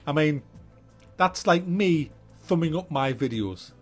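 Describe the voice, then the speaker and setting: A man rambles through a gaming news vlog, joking and swearing as he jumps between topics. His voice sits a little high and swoops up and down with lively energy, and faint music plays behind him. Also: unhurried. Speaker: gaming channel host.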